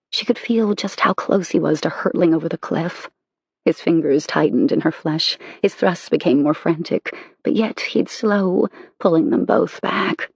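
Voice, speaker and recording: An audiobook narrator reading a romance novel in an intimate, measured way. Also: mid-range voice, vocal fry, slightly rough, no echo.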